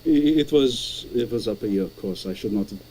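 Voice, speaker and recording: Guy doing a russian accent, dropping his articles, stumbling and repeating, mellow dark tone. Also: fairly low pitch, lively intonation, a little hiss or hum, natural voice, poor audio. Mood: storytelling. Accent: put-on Russian. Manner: halting, repeats words, storytelling. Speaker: caller.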